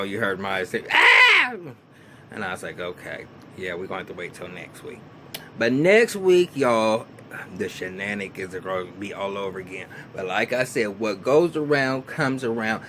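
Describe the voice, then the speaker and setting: A man's voice: a little high, fairly bright tone, a little hiss or hum. A man rambling through a casual recap of a reality show in a small room, repeating words and acting out quotes. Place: small hot room under a bright light.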